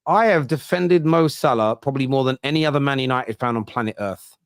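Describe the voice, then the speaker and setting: A man hosting a football fan show, reacting fast to viewer comments in casual discussion. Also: mid-range voice, clean tone, no echo, clean studio sound.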